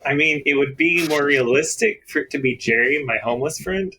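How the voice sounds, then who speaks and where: A man's voice: a little high, brisk, sharp tone, slight background noise, poor audio. A man playing in a tabletop role-playing game over a video call, playful and chuckling between remarks. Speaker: player. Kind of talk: casual table talk, joking.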